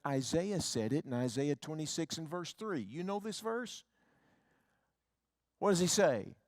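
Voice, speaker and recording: A middle-aged man, an evangelist, preaching a revival sermon that moves from hushed, tender storytelling to loud, rising appeals. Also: on the high side, no echo, studio quality.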